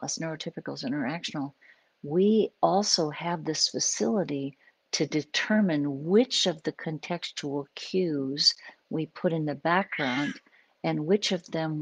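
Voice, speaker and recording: A woman with a notably low, slightly rough voice hosts a live stream as a psychologist, talking through ideas in an unscripted, conversational way and explaining with acted examples and asides. The low-quality recording is dry and close, with no room sound.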